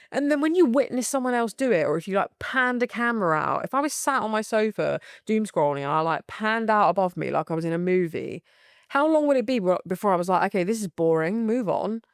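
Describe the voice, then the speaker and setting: British woman, young, candid solo podcast host, sweary and animated, dry close sound. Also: mid-range voice, a little fast, dry recording. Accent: British English. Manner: swears freely, animated and laughing.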